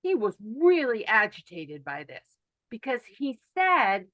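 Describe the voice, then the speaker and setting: A woman teaching an online mindfulness workshop over a video call, animated and emphatic, who repeats her key phrases. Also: on the high side, unhurried, highs cut off. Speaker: workshop instructor.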